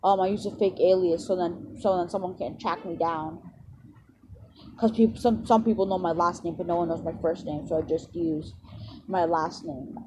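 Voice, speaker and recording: A woman's voice: fairly low pitch, fairly even intonation, moderate pace, noisy background, close to an everyday voice. A woman voicing a secretive villain father who explains himself in an offhand, rambling way.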